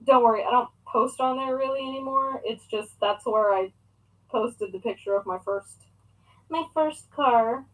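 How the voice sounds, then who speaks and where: A woman's voice: fairly high pitch, unhurried, low-quality recording. A young woman chatting casually in a crafting vlog at home, rambling and talking to herself and her pet as she works. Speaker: crafting vlogger.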